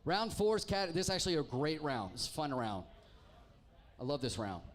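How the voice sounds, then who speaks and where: Man, trivia host, bar crowd banter, wry jokes, slightly high voice. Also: big pitch swings, normal speed. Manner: wry, joking, teasing the crowd. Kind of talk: live pub trivia hosting. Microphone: handheld microphone.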